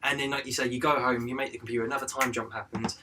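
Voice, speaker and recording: A man's voice: medium pitch, little pitch movement, racing, recorded from a distance, background noise. A man co-hosting a podcast in casual chat, laid-back and joking, swearing freely. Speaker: podcast co-host.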